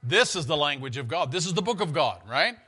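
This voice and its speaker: A man's voice: a little high, animated, a little fast, sharp tone, breathy edge. A man preaching an earnest, conversational sermon in a church, often restarting his phrases.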